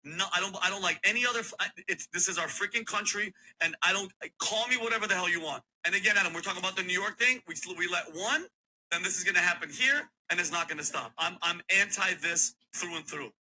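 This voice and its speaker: A man's voice: sits high, fast talker, pushed and bright, a little hiss or hum, low-quality recording. A man on a podcast giving a blunt, emphatic opinion, stumbling as he gets worked up. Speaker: podcast guest. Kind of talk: podcast debate.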